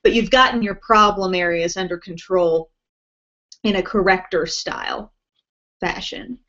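A woman's voice: on the low side, measured pace, sharp tone. A woman hosting a casual beauty live stream from home, chatting and reading out viewer comments with lots of ums and little laughs. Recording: dull lo-fi webcast audio.

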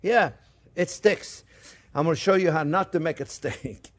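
High-voiced chatty chef with faint sizzling. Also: male voice, a little fast, slight background noise. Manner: chatty and jokey, keeps calling the viewers "friends". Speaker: cooking show host, chef. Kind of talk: cooking demonstration. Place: kitchen. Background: faint sizzling pan.

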